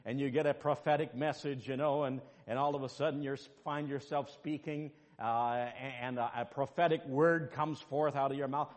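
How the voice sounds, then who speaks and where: Animated preaching man in a reverberant hall. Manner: animated preaching, swings from soft asides to loud high exclamations. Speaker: pastor. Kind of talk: sermon with personal story.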